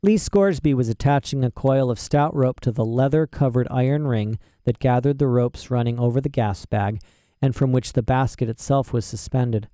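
Man reading a story aloud, really dark mellow voice, dry close sound. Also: mid-range voice, normal speed, no room sound. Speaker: audiobook narrator. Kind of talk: storybook narration.

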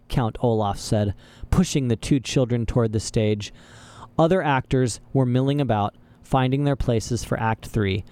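Mellow-voiced male audiobook narrator. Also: medium pitch, clean tone. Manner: steady, even storytelling. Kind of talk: scripted narration.

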